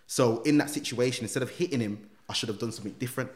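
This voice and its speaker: A young man tells a personal story in an easygoing, animated way and slips into the voices of the people he describes. His pitch sits at an ordinary middle height. The room around him is echoey. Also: very fast. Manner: animated, acts out other voices, London slang. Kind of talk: casual storytelling chat.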